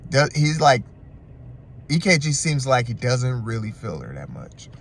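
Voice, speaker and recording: A man giving a casual, animated and slangy recap of a reality show. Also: medium pitch, measured pace, gravelly, a little hiss or hum. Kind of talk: casual commentary.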